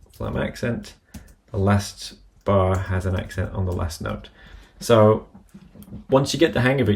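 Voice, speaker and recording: A man giving a methodical, step-by-step screen-recorded software tutorial. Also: lowish voice, gravelly. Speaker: app tutorial presenter.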